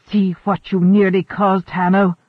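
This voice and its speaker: A man voicing a gentle woman crewmate who speaks softly and reproachfully. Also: sits high, level tone, measured pace, no room sound. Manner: soft, reproachful. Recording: narrow, phone-like, dry sound.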